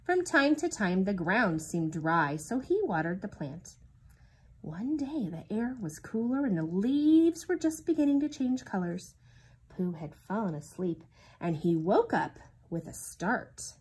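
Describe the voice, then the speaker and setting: A woman reading a children's storybook aloud in an expressive, sing-song storytelling manner. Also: mid-range voice, unhurried, husky, rough recording. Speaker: reader.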